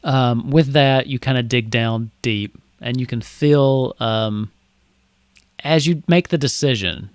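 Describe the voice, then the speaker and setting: A man's voice: mid-range voice, takes it slowly, no echo. A man narrating as game master of a tabletop game, loose and full of fillers.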